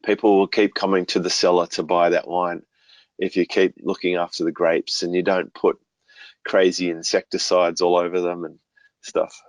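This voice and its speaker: A man being interviewed as a business coach, talking in a relaxed way and explaining ideas through homely stories and analogies. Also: deep voice, moderate pace, no room sound, rough recording. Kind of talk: conversational podcast interview.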